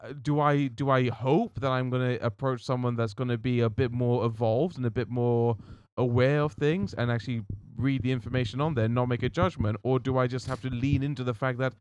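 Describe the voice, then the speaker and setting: A man's voice: medium pitch, fairly even intonation, brisk, hardly any pauses, a little mellow, smooth, no room sound, dull audio. A man with a British accent, talking earnestly and thoughtfully in a casual chat in a park. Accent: British English. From Britain. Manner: earnest, thoughtful, with many restarts. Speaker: podcast co-host. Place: outdoors in a park.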